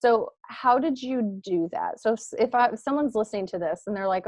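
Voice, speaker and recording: A woman hosting an interview, asking thoughtful, measured questions over a video call. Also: on the high side, darkish tone, no room sound. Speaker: host.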